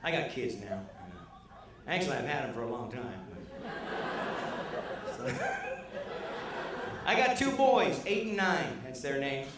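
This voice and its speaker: A middle-aged man doing a stand-up comedy set, animated and quick to jump into put-on voices. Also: background noise. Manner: animated, jumps into high put-on character voices. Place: comedy club stage. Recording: distant mic in a loud echoey club.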